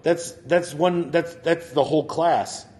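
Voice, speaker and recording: A man co-hosting a comedy podcast, telling stories in a lively, swearing, animated way and mimicking other people. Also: on the high side, a little slow. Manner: animated storytelling, swearing, mock voices. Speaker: podcast co-host. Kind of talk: casual comedic podcast banter.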